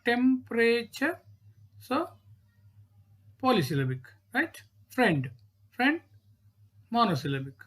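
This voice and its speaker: Woman with an indian english accent teaching grammar, keeps saying "right?" and "okay", unhurried. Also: mid-range voice, sing-song, husky. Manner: repeats each word, checks in with "right?" and "okay". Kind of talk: grammar lesson.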